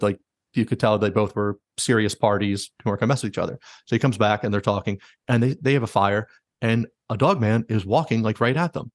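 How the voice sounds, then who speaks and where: A man with a lowish voice tells a story at a rapid clip, stuffing it with likes and quick quoted asides. He sounds relaxed and chatty, as a podcast host does. The sound is close and dry, with no room echo. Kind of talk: casual storytelling.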